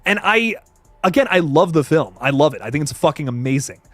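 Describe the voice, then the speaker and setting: A young man hosting a livestream, excitedly chatting about a horror movie and answering viewer comments, swearing freely. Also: a little high, a little fast, dry recording. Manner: excitable, profane, reads chat comments aloud. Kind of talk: casual livestream chat.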